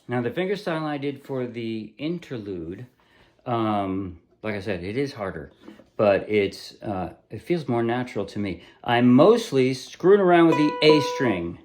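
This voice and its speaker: A man teaching a ukulele song in a relaxed, casual way. He often stops to correct himself and apologize. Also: medium pitch, measured pace, faint music behind. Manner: relaxed, self-correcting, apologizes when he slips. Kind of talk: casual tutorial explanation. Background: ukulele playing.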